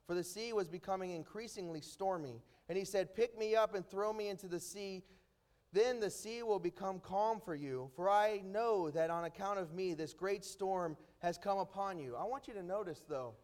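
Man, high voice, preacher, sermon, slow scripture reading, emphatic explaining. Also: darkish tone. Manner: reads scripture aloud slowly, then explains with rising emphasis.

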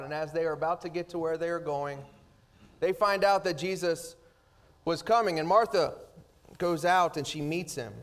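A man preaching a sermon, swinging between loud, rising emphasis and hushed, slow passages. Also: a little high. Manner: dynamic preaching, rising loud then dropping soft. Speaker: pastor.

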